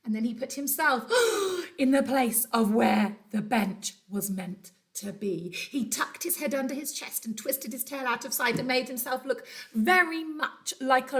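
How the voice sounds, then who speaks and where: A woman teacher reading a children's storybook aloud from home, telling it in an animated, dramatic way. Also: high voice. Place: at home during lockdown.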